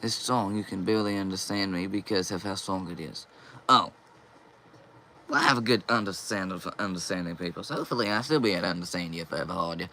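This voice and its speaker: A man's voice: sits low, fast talker, bright, forceful tone, slight background noise. A young man hosting a casual live stream, reading viewer comments aloud and answering them.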